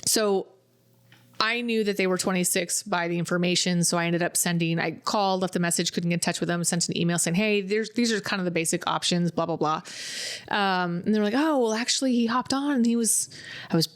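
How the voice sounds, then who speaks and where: A woman's voice: fairly low pitch, fairly even intonation, a little fast, clear, resonant tone. Chatty woman co-host telling stories, voices her clients' lines as she goes. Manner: chatty storyteller, acts out clients' quotes. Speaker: podcast co-host. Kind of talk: casual chat.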